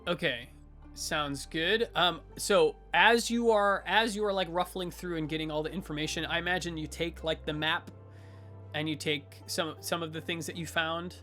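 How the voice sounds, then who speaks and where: A man's voice: on the high side, moderate pace, bright, forceful tone, faint music behind. A man running a tabletop role-playing game as game master, narrating with lots of fillers and self-corrections.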